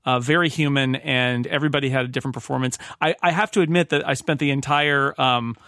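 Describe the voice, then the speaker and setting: A man's voice: mid-range voice, steady tone, fast talker, a bit bright, dry recording, clean studio sound. A man hosting a podcast in casual discussion, chatty and given to stammering restarts. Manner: chatty, stammers and repeats words. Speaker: podcast host.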